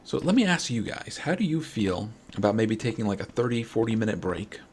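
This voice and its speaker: A man's voice: on the low side, big pitch swings, fairly quick, darkish tone, slight background noise. A man from New York with a New York accent, chatting casually and rambling with his stream viewers late at night. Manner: rambling, friendly, many restarts. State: late-night, a little wired. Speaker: game streamer.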